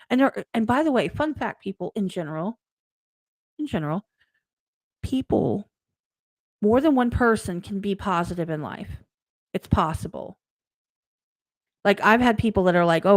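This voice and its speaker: A woman's voice: mid-range voice, no room sound. Chatty, encouraging woman host. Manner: chatty, encouraging, retells conversations in quoted voices. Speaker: streamer and host. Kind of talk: casual chat.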